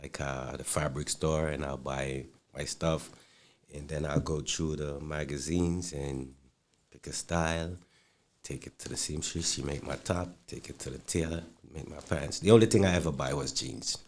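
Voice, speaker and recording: Very deep-voiced Jamaican man. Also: fairly even intonation. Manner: easygoing storyteller, pauses with fillers. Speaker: guest, clothing designer. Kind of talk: interview talk.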